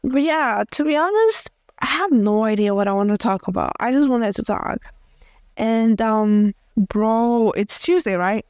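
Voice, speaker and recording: A woman's voice: a little high, lively intonation, unhurried, a little mellow, clean tone, no echo, studio quality. A young woman from Africa hosting a casual audio journal podcast, chatty and rambling with many fillers and restarts. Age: young adult. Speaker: podcast host.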